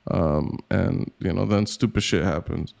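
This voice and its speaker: A man's voice: low voice, measured pace, creaky, darkish tone. A man in his thirties co-hosting a podcast, chatting casually, rambling and self-deprecating, swearing freely. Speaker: podcast co-host.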